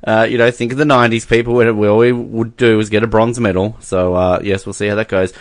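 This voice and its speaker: A man's voice: lowish voice, a little fast, no echo, studio quality. A young Australian man hosting a casual sports podcast, sarcastic and laughing between jokes. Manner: sarcastic, laughing, animated mock voices. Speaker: podcast host.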